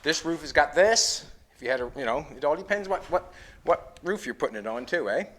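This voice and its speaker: A man's voice: a little high, expressive, brisk, a bit bright. A Canadian man hosting a car-building show, chatting and explaining each step of his metalwork as he goes. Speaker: metal fabricator and show host. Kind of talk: hands-on build commentary. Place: car workshop.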